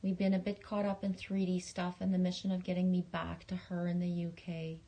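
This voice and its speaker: A woman chats on her livestream in a level, narrow-pitched voice that barely rises or falls. She rambles and restarts her sentences, swears now and then, and speaks affectionately to her viewers. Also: monotone, brisk, dark tone. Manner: affectionate, talking straight to viewers. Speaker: livestream host. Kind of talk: casual livestream chat reading viewer messages.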